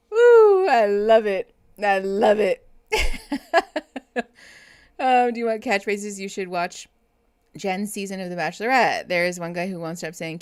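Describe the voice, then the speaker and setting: Slow-talking woman therapist streaming live. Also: mid-range voice, clear, resonant tone. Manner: chatty, laughs often, talks to chat. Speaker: therapist and livestream host. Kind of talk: casual live reaction chat.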